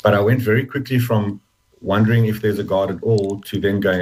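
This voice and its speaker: A man telling his personal story as an interview guest, halting and reflective with many restarts, close to tears. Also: sits low, steady tone, a little mellow, slight background noise, poor audio.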